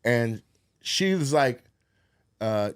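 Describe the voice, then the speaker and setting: A man's voice: medium pitch, drawn-out words, clear, resonant tone, no room sound, clean studio sound. A man co-hosting a podcast, telling a story in casual chat and acting out what people said, with plenty of swearing. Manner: animated, acts out quotes, profane. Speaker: podcast co-host.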